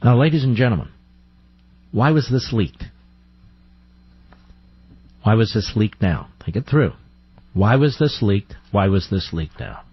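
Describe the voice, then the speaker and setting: Combative talk radio host, husky. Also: male voice, fairly low pitch, lively intonation, unhurried, long pauses, dry recording, muffled recording. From United States. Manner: combative, sarcastic, rhetorical questions.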